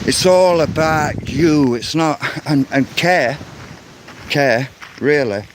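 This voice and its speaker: A man's voice: a little high, slow pace, a little hiss or hum. A man giving an angry, insistent vlog rant, often repeating words as he goes. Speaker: vlogger. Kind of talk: ranting vlog monologue.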